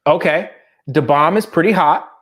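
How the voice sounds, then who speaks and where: Middle-aged man, podcast co-host, casual joking banter, fairly high voice. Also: normal speed, a bit bright. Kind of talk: casual chat.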